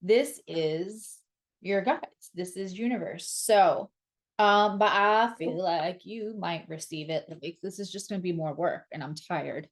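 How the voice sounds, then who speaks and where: A woman's voice: fairly low pitch, a little slow. A woman giving a casual tarot reading to camera, blunt and sarcastic, and she swears freely. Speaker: astrologer and tarot reader.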